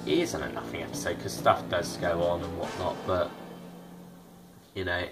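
A young man talks through a review in a loose, rambling way, full of ums and "you know"s. His voice sits very low, and clear music plays behind him. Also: steady tone, normal speed. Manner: rambling, many fillers and hedges. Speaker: show reviewer. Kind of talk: casual spoken review.

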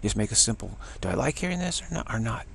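A man's voice: lowish voice, sing-song, fast, gravelly, breathy edge. A man giving a casual spiritual teaching talk, musing and earnest, repeating phrases for emphasis.

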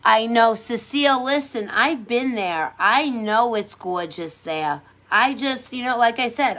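A woman's voice: on the high side, expressive, measured pace, few pauses, a bit bright. Woman, casual livestream chat, rambling, upbeat, encouraging, phone mic at home. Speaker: makeup livestream host.

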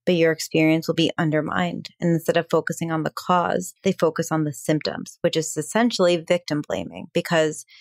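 Woman, podcast host, coach, earnest, candid, casual fillers, slightly low pitch, dry close sound. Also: fairly quick, vocal fry, few pauses, no echo. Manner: earnest and candid, with frequent "like" fillers and occasional swearing.

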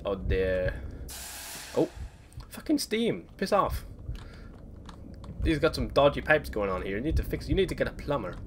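A man's voice: medium pitch, animated, fairly quick. A young man playing a horror game at home in his bedroom, commenting nervously and swearing at doors and noises. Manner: jumpy, swearing, talking to the game. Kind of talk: let's play commentary. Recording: clear background game noise.

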